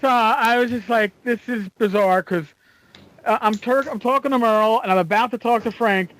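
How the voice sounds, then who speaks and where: A male podcast co-host tells stories in casual chat, animated but halting, with lots of fillers and restarts. His voice is very high, and the recording is rough.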